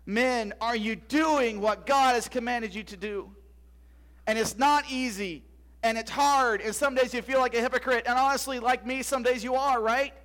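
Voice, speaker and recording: Emphatic man preaching a sermon, high-pitched, sometimes goes quiet and whispery. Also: steady tone, moderate pace. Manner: rhetorical questions, emphatic preaching, drops to a whisper at times. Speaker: pastor.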